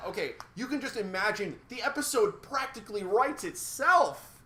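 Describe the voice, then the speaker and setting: A man rants through a casual review podcast in a high, bright, forceful voice. He is sarcastic and exasperated and swears freely, and the room around him echoes noticeably. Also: very animated, normal speed. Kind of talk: casual ranting review chat.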